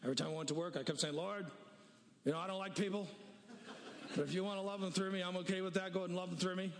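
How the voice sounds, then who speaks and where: A man's voice: high voice, fairly even intonation, racing, big-room sound. A man preaching a sermon, telling a story with voices for each person and daring listeners to pray honestly. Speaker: pastor.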